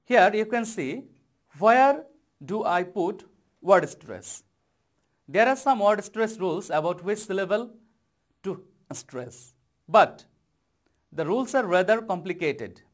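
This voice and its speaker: A Bangladeshi man delivering a televised English lesson to students. His voice sits high for a man, and he talks at an unhurried, measured pace, punching out the important words. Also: lively intonation. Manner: slow, deliberate explaining with stressed key words. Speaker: English teacher.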